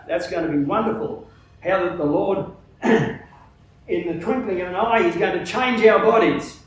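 Earnest preacher in an echoey hall. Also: male voice, fairly high pitch. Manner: earnest, emphatic, with frequent hesitations. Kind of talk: sermon. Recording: very echoey hall, distant mic, faint noise.

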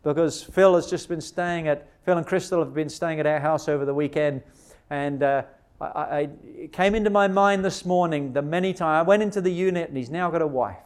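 A man preaching a sermon, emphatic and full of rhetorical questions, slowing down to stress key words. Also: fairly high pitch, darkish tone, smooth.

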